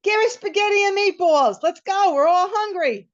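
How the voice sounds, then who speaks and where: A woman voicing her adult brother, a brisk, hurried man, over muffled video-call audio. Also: very high-pitched, sing-song, no echo, voice pushed up, heavily acted. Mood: impatient. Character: the teller's adult brother, host of the evening.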